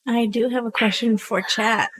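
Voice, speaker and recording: A woman's voice: fairly high pitch, steady tone, normal speed. A woman doing casual live commentary on a pool match, chatty and self-mocking, laughing often.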